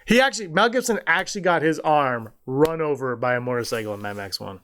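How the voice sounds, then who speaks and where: A young adult man co-hosting a podcast in casual chat, animated and laughing, slipping into quick movie-voice impressions. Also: fairly high pitch. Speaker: podcast co-host.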